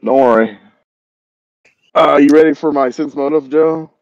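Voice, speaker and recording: A man's voice: a little high, darkish tone, dry recording, dull audio. A man playing a tabletop game, explaining his plans eagerly and interrupting himself. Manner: eager, fast, self-interrupting. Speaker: player.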